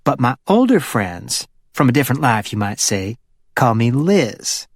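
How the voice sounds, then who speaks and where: A man's voice: big pitch swings, measured pace, dry recording, clean studio sound. A man voicing a playful, flirty wealthy woman in her fifties with a Hollywood Southern accent, chatty and teasing. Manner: teasing and chatty, sliding up into a higher voice.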